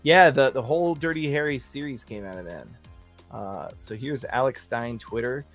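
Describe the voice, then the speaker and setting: A man's voice: medium pitch, moderate pace, faint music behind. A man from the United States hosting a livestream, commenting casually and jokily while talking to his chat. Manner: animated, jokey, talks straight to the chat. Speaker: livestream host.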